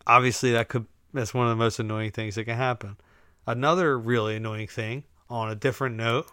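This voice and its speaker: Young man, mid-pitch, sarcastic solo podcast rant, dry close sound. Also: fairly bright tone, clear, resonant tone, no room sound. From United States. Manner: ranting, sarcastic, laughs at his own jokes. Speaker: podcast host. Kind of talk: casual solo podcast monologue.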